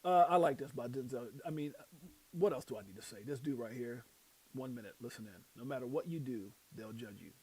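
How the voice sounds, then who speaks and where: A man with a Brooklyn accent hosting a casual crypto livestream, reading out motivational quotes and breaking into loud shouts and laughter. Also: mid-range voice, a little fast, breathy edge. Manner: reads out quotes and preaches motivational sayings.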